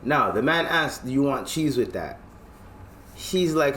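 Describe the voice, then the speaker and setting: A man's voice: medium pitch, sing-song, unhurried, a bit bright, slight background noise. A man hosting a podcast in loose, slangy casual chat, often checking in with listeners. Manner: loose, slangy, keeps asking "you know what I mean". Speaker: podcast host.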